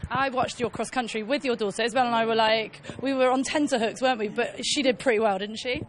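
A woman hosting trackside interviews at a horse event. She talks in a chatty, gushing rush and lets her emotions show. Her voice sits a touch above the usual pitch for a woman. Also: quick pace, slight background noise. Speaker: equestrian show presenter.

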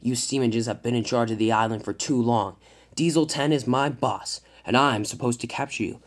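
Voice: medium pitch, a little fast, close to an everyday voice. A storyteller voicing a scornful, scheming male diesel engine in a toy train fan film.

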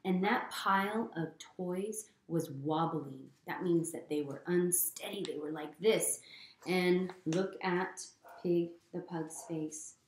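Slow gentle woman reading to kids. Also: lowish voice, reverberant. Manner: gentle, asks the children questions. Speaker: storytime reader. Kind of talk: reading a picture book aloud to children.

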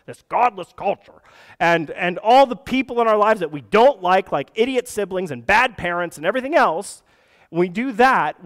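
A male pastor preaching a sermon. He is earnest and breaks into conversational asides and restarts. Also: high voice. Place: church sanctuary. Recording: long reverb of a church hall.

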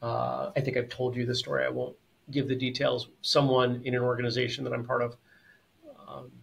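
A man co-hosting a martial arts podcast talks casually, reasoning aloud in long, considered sentences with frequent restarts. His medium-pitched voice is creaky and a bit bright, fairly quick, with little pitch movement.

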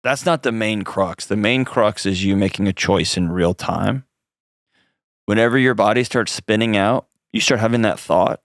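A man's voice: fairly low pitch, moderate pace, dry recording, studio quality. A man hosting a call-in advice show, coaching a caller in an earnest, direct way with frequent restarts.

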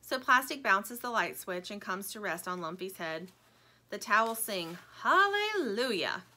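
A woman reading a children's storybook aloud in a gentle storytelling manner. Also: mid-range voice, normal speed. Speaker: storybook reader.

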